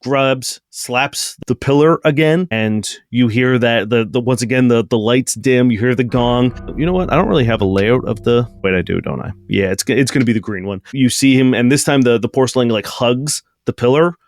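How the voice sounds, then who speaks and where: A man's voice: medium pitch, normal speed, few pauses, no echo. A man running a tabletop game as game master, narrating the action with many restarts and fillers. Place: home recording for an audio podcast.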